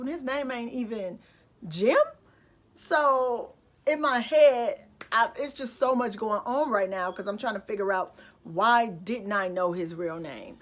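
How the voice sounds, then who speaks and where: A woman's voice: on the high side, unhurried. A young adult woman vlogger telling a personal story in a casual, candid way, with lots of fillers and asides.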